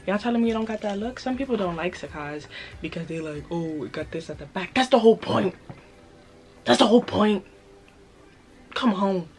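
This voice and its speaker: Hyped New York woman with a slightly raspy voice. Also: fairly low pitch. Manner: playful, hyped, repeats phrases, talks straight to viewers. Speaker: fashion vlogger. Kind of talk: casual haul video.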